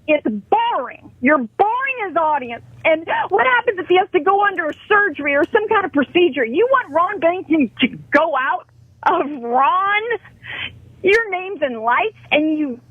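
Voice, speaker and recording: A woman caller on a talk radio show, her voice pitched high and sounding dry and close. She scolds and pleads with real passion, pressing her point without letting up. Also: dry recording, rough recording. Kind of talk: heated call-in confrontation.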